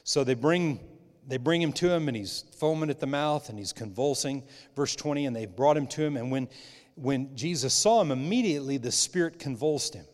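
A middle-aged man preaching in a church, his voice sitting at an ordinary pitch. He talks conversationally, restarting phrases, then rises to loud, emphatic bursts before dropping to quiet asides. A long reverb hangs on every word. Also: animated, a little fast. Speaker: pastor. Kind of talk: sermon. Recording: long reverb of a large hall.

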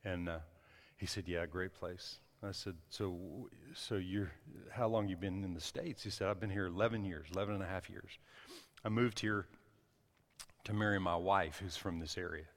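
A man's voice: low voice, fairly even intonation, moderate pace, in a large hall. A man preaching a sermon, telling a personal story in a loose, conversational way with frequent restarts and asides. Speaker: pastor.

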